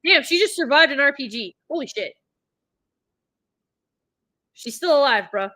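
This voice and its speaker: A woman streaming a watch party, blurting excited reactions, swearing, and recapping the plot in loose, rambling sentences. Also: high-pitched, normal speed, pauses often, dry recording, low-quality recording. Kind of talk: live watch-party commentary.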